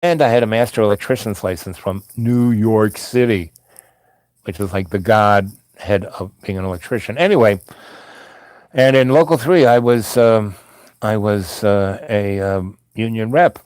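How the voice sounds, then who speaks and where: A man's voice: fairly low pitch, a little slow, darkish tone, clean tone, no room sound. A man casually telling a long personal story, meandering with many asides and restarts.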